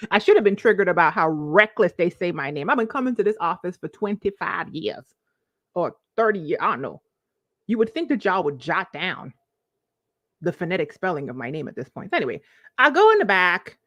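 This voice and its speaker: A woman in her forties telling a personal story to her live-stream viewers, expressive and confiding, with sudden leaps in pitch. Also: moderate pace, pauses often, no room sound, lo-fi sound. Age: 40s. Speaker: vlogger, life coach.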